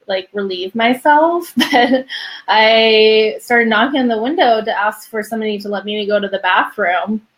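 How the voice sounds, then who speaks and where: A young woman as a podcast guest, telling a personal story in a chatty way, full of "like" and small laughs. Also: medium pitch. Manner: chatty, many "like"s, laughs between phrases.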